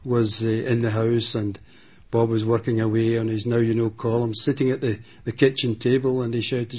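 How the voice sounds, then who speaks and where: A man recalls a friend in a radio interview. His voice is a little husky and the recording sounds dull and muffled. He tells his stories at a measured, gently amused pace. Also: medium pitch, level tone. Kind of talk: reminiscing interview.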